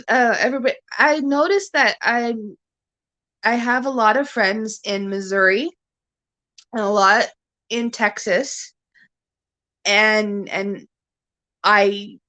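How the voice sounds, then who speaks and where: A woman's voice: fairly high pitch, pushed and bright. A woman from Ontario with a Canadian accent, hosting a rambling, casual chat at home and laughing often. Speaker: livestream host. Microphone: camera on a stand.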